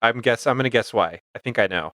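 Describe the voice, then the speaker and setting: A man's voice: medium pitch, fast, a bit bright, dry recording. A man co-hosting a casual podcast, retelling scenes in an easygoing, plain way with short agreeing replies. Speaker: podcast co-host.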